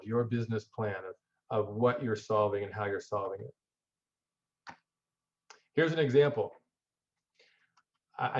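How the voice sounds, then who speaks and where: Man giving a casual business lecture. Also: medium pitch. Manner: informal, repeats words and restarts, asks rhetorical questions. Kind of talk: conversational lecture. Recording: dull lo-fi audio.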